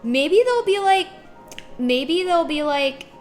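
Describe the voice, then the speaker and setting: A woman streamer in casual chat, reading chat aloud and acting out little voices with a giggly, animated manner. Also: high voice, takes it slowly, soft background music.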